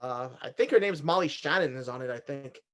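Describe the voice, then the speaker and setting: A man on a casual comedy podcast who talks hesitantly, with many pauses and restarts. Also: medium pitch, lively intonation, fairly bright tone. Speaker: podcast co-host.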